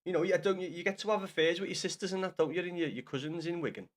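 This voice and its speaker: A young man talks to his live-stream chat in a fairly high voice. He is blunt and sweary, and he teases his viewers in easy, casual banter. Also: very fast. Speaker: livestreamer.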